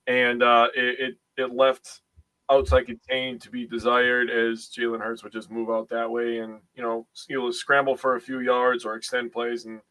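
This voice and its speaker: A man's voice: mid-range voice, level tone, normal speed, bright, forceful tone. A man with a Wisconsin accent co-hosting a sports podcast, rambling and correcting himself as he goes. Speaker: podcast co-host. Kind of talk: casual sports podcast chat.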